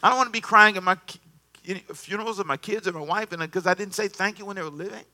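A man preaching a sermon in an animated, conversational way, repeating himself and calling on the congregation to answer. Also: high-pitched, fast talker. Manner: animated, repetitive, conversational preaching with call-and-response. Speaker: pastor.

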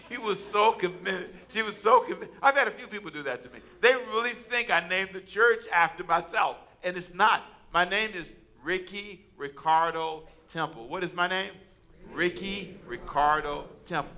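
A man's voice: sits high, pushed and bright. A man preaching a sermon as pastor, conversational and humorous, calling out to his congregation for responses.

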